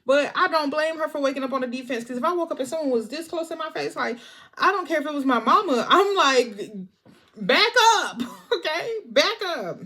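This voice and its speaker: A woman recapping a movie in a chatty, expressive way, talking straight to her viewers. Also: high-pitched, fast. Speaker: movie reviewer.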